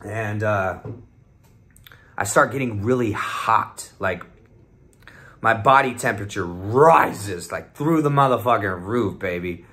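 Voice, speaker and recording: A man's voice: fairly low pitch, takes it slowly, sharp tone. A young man telling a rambling, heavily profane story in a casual vlog, often acting out what his friends said. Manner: profane, rambling, swears constantly; acts out the voices of friends in quotes. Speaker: vlogger telling a trip report.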